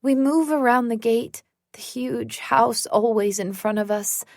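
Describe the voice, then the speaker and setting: A woman narrates a first-person thriller audiobook, her voice sitting a little high. She reads very slowly, letting the tension build. The sound is dry and close. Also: darkish tone, no room sound.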